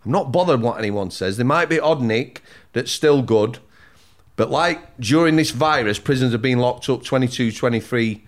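Measured, mid-pitched ex-prison officer. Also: male voice. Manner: measured, repeats himself while finding words. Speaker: former prison officer, guest. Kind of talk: conversational discussion.

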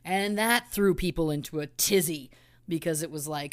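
A woman's voice: on the low side, normal speed. Chatty indignant podcast woman. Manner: chatty storyteller, indignant asides. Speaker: podcast co-host. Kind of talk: casual true crime podcast chat.

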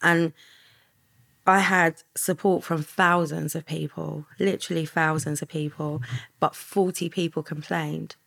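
A woman with a lowish, gravelly voice, speaking as a podcast interview guest. She talks earnestly and softly, letting sentences fade into quiet asides. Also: level tone, a little slow. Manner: earnest, soft-spoken, trails off into quiet asides.

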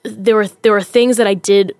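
A woman's voice: mid-range voice, steady tone, moderate pace, no echo, clean studio sound. A woman who is a comedian, chatting as a podcast guest in a candid, rambling way with lots of fillers. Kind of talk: casual chat.

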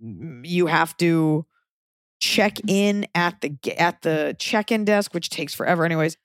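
A woman hosting a podcast, chatting casually with frank, profane, animated storytelling. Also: sits low, a little slow, dry recording, studio quality. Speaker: podcast host.

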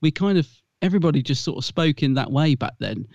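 A man co-hosts a podcast in an animated, jokey manner. His voice is gravelly and slightly high. It is recorded dry on a dull, lo-fi mic. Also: quick pace, no room sound. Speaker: podcast co-host. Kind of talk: casual podcast chat.

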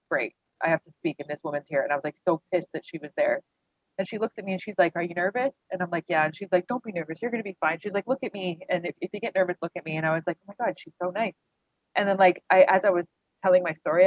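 A woman's voice: lowish voice, no room sound. Woman, candid rambling storyteller, tinny phone-like sound, dry. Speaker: guest. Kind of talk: personal storytelling interview.

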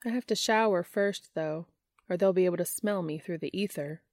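A woman reading an audiobook, voicing a confident, wry woman friend in a bright voice. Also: on the low side, normal speed, dry recording, clean studio sound, natural voice. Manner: bright and self-assured.

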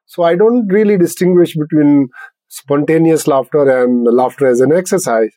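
An older man speaks as a podcast guest, laughing often as he explains things in simple terms. His voice is warm and mellow, pitched a little high for a man. The recording is dry and close. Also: moderate pace, no echo, rough recording. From India. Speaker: laughter yoga founder, guest. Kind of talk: podcast interview.

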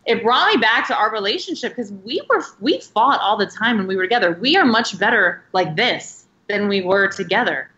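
A woman's voice: mid-range voice, animated, brisk, few pauses, pushed and bright, echoey room, muffled recording. A woman in her thirties, talking as a guest in a casual interview, chatty and rambling with many filler words. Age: 30s.

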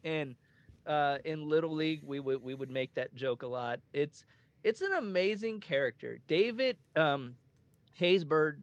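A man co-hosting a casual movie podcast, animated and laughing as he quotes lines. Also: fairly high pitch, unhurried, no echo, muffled recording. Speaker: podcast co-host.

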